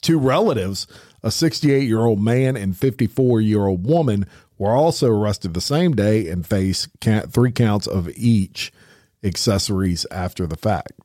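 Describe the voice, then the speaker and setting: Lively-voiced man reading crime news. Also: lowish voice, unhurried, no echo, clean studio sound. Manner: plain, conversational news reading. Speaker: podcast co-host.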